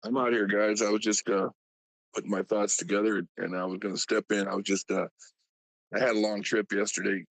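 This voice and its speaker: A man with a lowish voice, from Alabama, chatting on a live stream. He talks in halting stretches full of "uh" and restarts. The sound is dry and close, with no room around it. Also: level tone, vocal fry, a bit bright, no room sound, poor audio. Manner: halting, many fillers and restarts. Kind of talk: casual chat.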